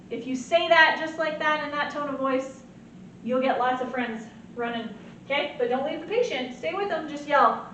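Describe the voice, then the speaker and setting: High-pitched lady teaching nurses, super animated, sounds far off and muffled in a really echoey room. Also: moderate pace, a little hiss or hum. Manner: animated, asks "right?" often. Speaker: nursing instructor. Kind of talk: recorded lecture.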